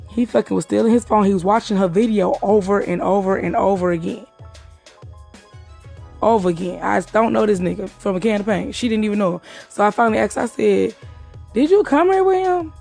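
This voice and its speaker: A woman's voice: medium pitch, steady tone, vocal fry, a little mellow, soft background music. A woman casually recounting events from a night out, swearing freely and acting out what others said. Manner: profane, talks fast and acts out the quotes. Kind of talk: casual storytelling.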